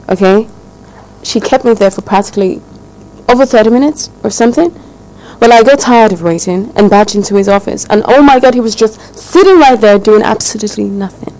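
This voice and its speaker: A woman's voice: on the high side, darkish tone, low-quality recording. An actress playing a young rich woman, indignantly complaining about her neglectful fiancé. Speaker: daughter, fiancée. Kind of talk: film drama dialogue.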